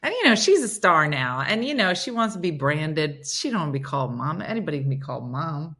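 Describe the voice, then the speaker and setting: A woman in her fifties talks to her phone camera on a livestream, spinning family stories and answering viewer comments. Her voice sits a little low but has a bright, forceful edge, and she turns animated when a story gets exciting. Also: a little fast, husky. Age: 50s. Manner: chatty, animated, rises sharply when excited. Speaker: livestream host.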